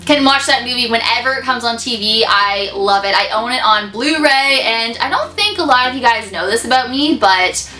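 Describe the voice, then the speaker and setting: A woman's voice: a little high, expressive, moderate pace, pushed and bright, slight background noise. A young woman answering fan questions in a casual vlog, bubbly and gushing, laughing often. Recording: echoey room.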